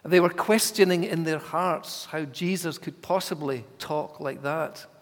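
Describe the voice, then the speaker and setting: Man, preacher, sermon, slow and deliberate, emphatic, slightly high voice, long church reverb. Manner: measured, emphatic, dropping to whispers for voiced thoughts.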